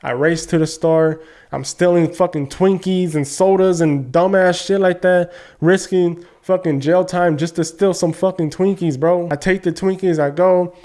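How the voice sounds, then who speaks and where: A man's voice: high voice, fairly even intonation, normal speed, a little mellow. A young man telling a personal story to camera in a casual, emphatic way, swearing often. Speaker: trading vlogger.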